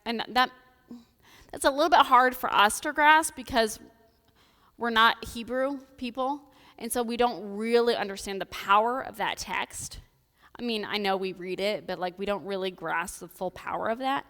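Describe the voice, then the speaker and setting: A woman's voice: fairly high pitch, moderate pace, a bit bright. A woman with an American Midwestern accent giving a casual, chatty sermon from the pulpit, dropping playful asides. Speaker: preacher. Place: church sanctuary. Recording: reverberant church hall.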